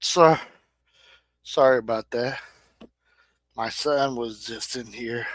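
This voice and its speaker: A middle-aged man from Indiana, USA, with an American Midwestern accent, hosts a casual livestream chat in a plain-spoken, emphatic way. His voice is medium-pitched and slow, and the recording is rough with no room sound.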